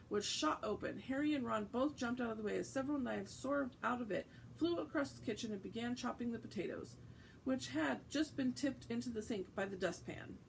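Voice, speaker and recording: A woman's voice: fairly high pitch, creaky, slight background noise, rough recording. A woman hosting a casual vlog, reading aloud from a book and chatting, with frequent fillers and self-corrections. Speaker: host.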